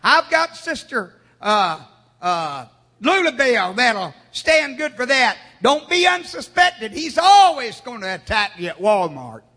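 Brief: male preacher, high animated voice, husky, recorded in a church hall with a long echo. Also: unhurried. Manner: call-and-response preaching, rising to shouts. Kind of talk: sermon. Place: church sanctuary.

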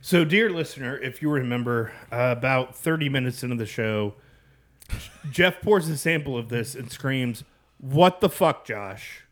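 A man's voice: mid-range voice, normal speed, a bit bright. A man co-hosting a beer podcast, wry and easygoing, speaking straight to the listeners. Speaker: podcast co-host. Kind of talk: casual beer-review banter.

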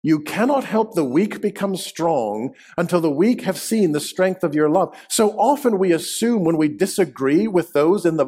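A man preaching a sermon in a church, emphatic, slowing down and dropping his voice to stress key words. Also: a little high, a little mellow. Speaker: pastor. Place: church sanctuary.

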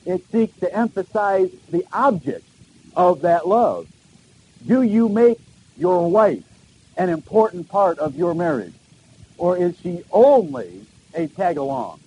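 A man's voice: sits high, sing-song, slow pace, mellow, slightly rough, low-quality recording. A middle-aged man preaching a sermon to a congregation, posing searching questions and repeating key phrases for emphasis. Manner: earnest, questioning delivery with emphatic repetitions. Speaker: pastor.

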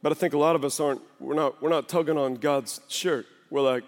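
A man in his thirties preaching a sermon as a pastor, animated, often acting out the voices of people and of God. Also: fairly high pitch, a little fast, few pauses. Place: church sanctuary. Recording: long hall reverb in a church.

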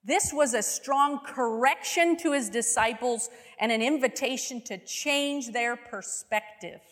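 Slow, unhurried woman preaching in a hall. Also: fairly high pitch, a bit bright. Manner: vivid storytelling with frequent rhetorical questions to the listeners. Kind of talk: sermon.

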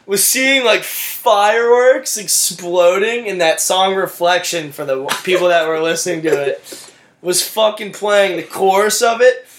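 A man's voice: high-pitched, a little slow, a bit bright, reverberant. A young man co-hosting a podcast, telling rambling stories with lots of swearing and laughter. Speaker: podcast co-host. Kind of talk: casual chat.

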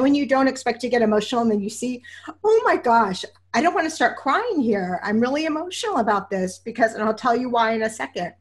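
Gushing, high-voiced female podcast host. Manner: effusive and emotional, many fillers and restarts. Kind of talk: casual interview introduction.

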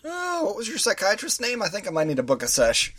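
A man in his thirties vents on a casual podcast, sarcastic and worked up. His voice sits a little higher than most men's. He acts out the other people in his story as he rants. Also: fast. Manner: ranting, sarcastic, animated quoting of others. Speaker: podcast co-host. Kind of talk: casual chat.

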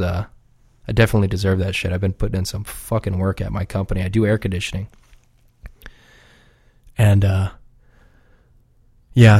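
A man with a lowish, warm, mellow voice, rambling loosely and cursing often as he chats on his own show. His delivery is relaxed and unpolished, recorded close and dry with no room sound. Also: no echo. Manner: profane, rambling, laid-back. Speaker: podcast regular. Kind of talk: casual rambling chat.

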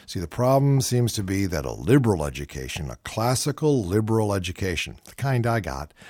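Man, host, opinionated monologue, sardonic, animated pitch, dry close sound. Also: dry recording. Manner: wry, sardonic asides.

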